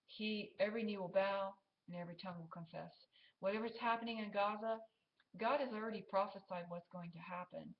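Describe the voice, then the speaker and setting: A woman's voice: medium pitch, highs cut off. A woman vlogger preaching to her viewers in an emphatic, scolding way, full of fillers and restarts. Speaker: Christian vlogger. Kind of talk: preachy exhortation to camera.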